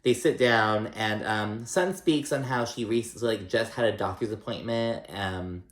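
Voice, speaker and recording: A man with a lowish voice rambles through a reality TV recap, loose and profane, leaning on filler words. The sound bounces around an echoey room. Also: normal speed. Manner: chatty, profane, rambling with many likes. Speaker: recap vlogger.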